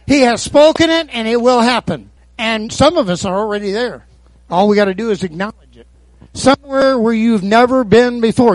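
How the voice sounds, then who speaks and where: High-voiced preacher man, dry close sound. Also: no room sound. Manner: call-and-response preaching, frequent amens and hallelujahs. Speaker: pastor. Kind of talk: sermon.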